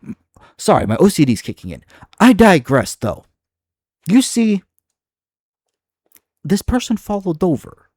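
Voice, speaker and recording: Exasperated video creator, profane rambling with restarts, higher-pitched man, dry close sound. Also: huge pitch swings, unhurried, long pauses, darkish tone, no room sound. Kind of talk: reacting to comments on video.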